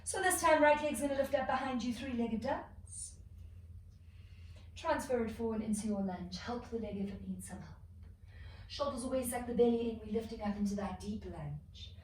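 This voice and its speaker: A woman's voice: on the high side, brisk. Echoey, distant yoga instructor woman. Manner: calm, flowing cues with soft exhales between moves. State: slightly out of breath. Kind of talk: guided yoga class instruction. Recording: echoey room, distant mic, faint noise.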